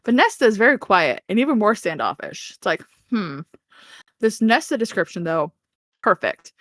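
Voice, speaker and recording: A very animated woman with a medium-pitched, fairly bright voice recaps a book's plot on a podcast she co-hosts, keeping a moderate pace. Her delivery is casual, with acted-out character lines and laughter, recorded at studio quality without room sound.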